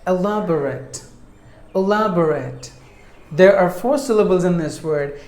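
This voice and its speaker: Male pronunciation teacher, slow and methodical, drills words syllable by syllable in a roomy, echoing space. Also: sits high, darkish tone. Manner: deliberate, repeats each word and breaks it into syllables. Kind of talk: pronunciation lesson. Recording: echoey room.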